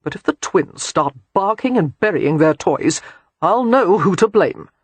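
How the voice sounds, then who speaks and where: A woman's voice: on the low side, lively intonation, unhurried, husky, no echo. A woman voicing an exasperated, wry aristocratic father in an audiobook, speaking dryly and sardonically. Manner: dry and sardonic.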